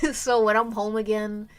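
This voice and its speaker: A woman's voice: mid-range voice, flat delivery, unhurried, clean tone. A young woman chatting casually on her art stream, rambling and stopping herself mid-sentence, often laughing. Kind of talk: casual live-stream chat. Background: soft background music.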